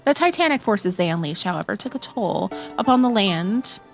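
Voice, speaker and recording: A woman's voice: mid-range voice, big pitch swings, normal speed, creaky, faint music behind. A woman voicing a game character who narrates an ancient tale, reading the dialogue aloud in a plain way. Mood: storytelling.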